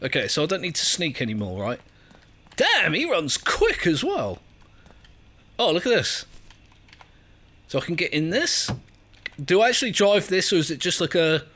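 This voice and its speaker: An English man in let's play mode, chattering away and poking fun at himself as he fumbles through a game. His voice sits a bit high and leaps about in pitch. He laughs easily and reads the prompts out loud. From England. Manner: chatty, self-mocking, laughs often, reads on-screen text aloud. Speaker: gaming video creator.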